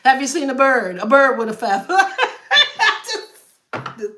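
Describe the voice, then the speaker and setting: A woman's voice: sits high, lively intonation, a little fast, a bit bright, echoey room. A woman giving a live tarot reading, chatting to her viewers in a loose, joking way and often breaking into laughter. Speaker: tarot reader.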